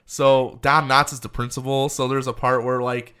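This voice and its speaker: A man co-hosting a movie podcast, retelling scenes in a loose, swearing, animated way and acting out the characters' lines. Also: mid-range voice, moderate pace, smooth. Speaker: podcast co-host. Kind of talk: casual movie review chat.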